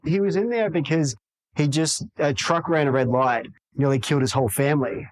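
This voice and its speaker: A man's voice: fairly high pitch, a little fast, dry recording, rough recording. A man in a podcast interview, talking energetically and acting out quoted dialogue in other voices. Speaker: real estate agent guest.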